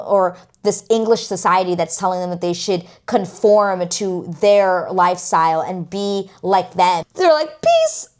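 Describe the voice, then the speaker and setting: A woman reviewing a TV series in casual chat, gushing and expressive, swearing freely and acting out the characters' lines. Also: mid-range voice. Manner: gushing, expressive, profane, acts out quotes. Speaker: TV review vlogger.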